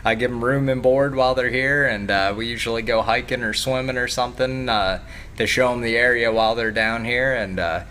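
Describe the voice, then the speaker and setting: A man's voice: medium pitch, steady tone, a little fast, bright, forceful tone, a little hiss or hum. A man who coaches youth wrestling, talking casually as a guest on a morning TV show, laid-back and full of fillers. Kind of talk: casual TV interview.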